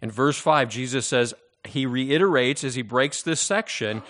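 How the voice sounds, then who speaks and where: A man preaching a sermon as pastor, reading scripture aloud and slowing down to stress key phrases. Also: medium pitch, a bit bright.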